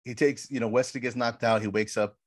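A man co-hosting a podcast, casually retelling film scenes with lively quoted lines and frequent "bro". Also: mid-range voice, a little fast, no room sound, studio quality. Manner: animated storyteller, says "bro" often. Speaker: podcast co-host.

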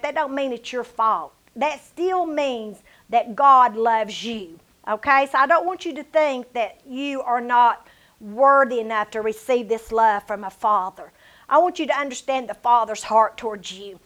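A middle-aged woman preaching a sermon, telling personal stories with emphatic declarations and hushed asides. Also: sits high. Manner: personal storytelling.

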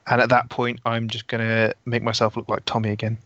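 A man playing a tabletop role-playing game, casual and quick to swear. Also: mid-range voice, monotone, a bit bright, lo-fi sound. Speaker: player. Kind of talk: tabletop role-play in and out of character.

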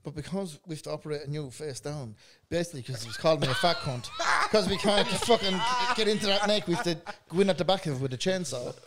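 A man's voice: a little high, expressive, quick pace, hardly any pauses, a loud crowd. An Irish man co-hosting a podcast, telling a long story full of swearing and laughing through it. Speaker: podcast co-host. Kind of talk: casual pub-style banter.

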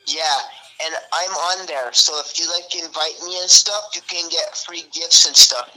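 Joking radio guy rambling on air, super bright voice. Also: fairly high pitch, normal speed, rough recording. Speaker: radio host. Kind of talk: casual on-air banter.

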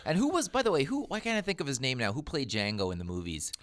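A man's voice: medium pitch, expressive, fast talker, a bit bright. A middle-aged man co-hosting a podcast, musing and joking casually with loose restarts. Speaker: podcast co-host. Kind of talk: casual chat.

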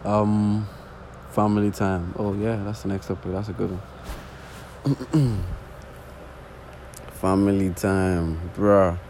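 An early-twenties podcast host with a non-native English accent sits on the floor for an unscripted solo talk, rambling casually, swearing often and repeating false starts. His lowish voice stays level and slow, with long pauses over a noisy background.

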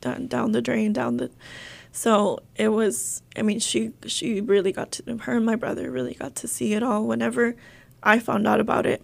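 Young woman, gravelly, bit high, halting emotional story with lots of fillers. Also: level tone. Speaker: interviewee. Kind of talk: personal testimony in an interview.

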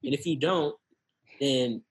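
A man's voice: medium pitch, takes it slowly, a little hiss or hum. A man in a casual podcast chat, blunt and opinionated.

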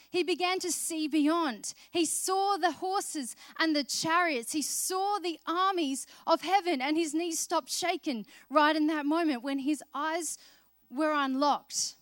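A woman's voice: high-pitched, fairly bright tone, no room sound, clean studio sound. A woman preaching a sermon, telling Bible stories in a conversational way and acting out the characters' lines. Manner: conversational storytelling, acting out voices of biblical characters.

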